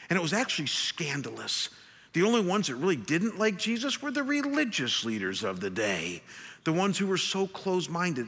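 Bright-voiced male pastor preaching in a hall. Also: on the high side, very animated, moderate pace, breathy edge. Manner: earnest, conversational preaching with frequent restarts. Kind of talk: sermon. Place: large church hall.

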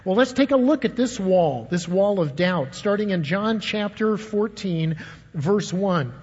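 Older male pastor, storytelling sermon, high husky voice, reverberant hall sound. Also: animated, measured pace, darkish tone. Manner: storytelling, asks the congregation questions. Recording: dull, long echo of a large hall.

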